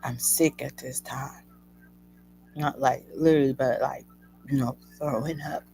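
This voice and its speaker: A woman hosting a show, telling a personal story to her listeners in an emotional, animated way. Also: a bass voice, unhurried, vocal fry, slight background noise, poor audio. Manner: emotional, animated retelling addressing listeners as y'all. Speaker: host.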